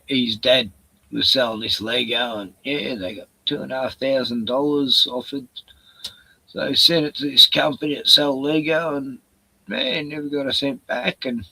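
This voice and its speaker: A man's voice: medium pitch, creaky, sharp tone, slightly rough, dry recording, poor audio. A man chatting on a live stream in a rambling, profane rant full of sarcastic jokes, short on sleep. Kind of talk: casual ranting chat.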